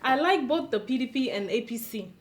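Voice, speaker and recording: Woman, Nigerian accent, comedy co-host, reads emails, amused asides, high voice, lively. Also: brisk. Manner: chatty, amused, with dry asides. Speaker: co-host reading viewer emails. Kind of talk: reading emails aloud with banter.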